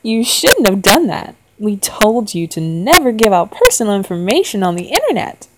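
Woman doing an eerie falsetto mother. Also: very animated, normal speed, noisy background, lightly acted. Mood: eerie scolding. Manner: scolding, sing-song menace. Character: eerie mother, unnatural falsetto, cold and scolding.

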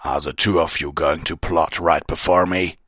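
A man's voice: very deep voice, fairly even intonation, moderate pace, a bit bright, slightly rough, dry recording, clean studio sound, exaggerated voice. A man voicing a huge, menacing male wolf king who growls and snarls his commands. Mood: enraged.

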